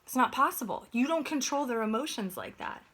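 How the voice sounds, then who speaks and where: A woman's voice: high voice, lively intonation, a little fast, a bit bright, breathy edge. Earnest woman giving a motivational talk. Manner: earnest, conversational, asks "right?" often.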